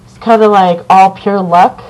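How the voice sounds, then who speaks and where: A woman's voice: mid-range voice, a little slow, poor audio. Rambling woman reviewing a horror film. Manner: rambling, excited, swears a lot, many fillers. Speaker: movie reviewer. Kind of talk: casual video review.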